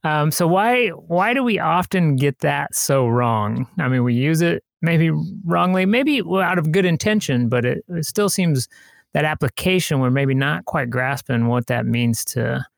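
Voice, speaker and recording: A man's voice: a little high, expressive, a little slow, vocal fry, no room sound, clean studio sound. A man from rural Indiana hosting a podcast, asking long, rambling questions. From rural Indiana, USA. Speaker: podcast host. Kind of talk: podcast interview.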